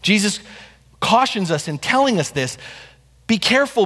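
A man's voice: very high voice, lively intonation, normal speed, sharp tone. A man preaching a sermon to his church, driving points home with rhetorical questions and repetition. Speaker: pastor. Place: church sanctuary. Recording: long reverb of a hall.

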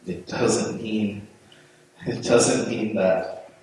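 Deep-voiced pastor in a very echoey church. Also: male voice, steady tone, very slow, a little mellow, a little hiss or hum. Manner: conversational, with frequent restarts and repeated words. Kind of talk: sermon. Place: church sanctuary. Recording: very echoey room, voice from far off.

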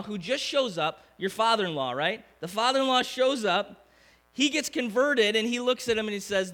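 A man, preaching a conversational sermon full of questions to the congregation. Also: sits high. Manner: animated, conversational preaching with rhetorical questions to the crowd. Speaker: pastor.

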